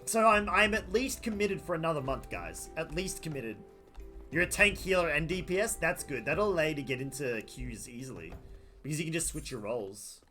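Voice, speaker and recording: A chatty Australian man streaming a game from his room at home, greeting viewers by name in a friendly, rambling way. His voice sits a bit high for a man and moves lively up and down, with faint game music playing underneath. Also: a little fast. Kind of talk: casual live game stream chat.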